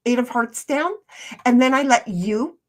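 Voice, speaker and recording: Woman, higher pitch, casual livestream chat, rambling, restarts often. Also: measured pace. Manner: rambling, chatty, with many restarts. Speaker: streamer.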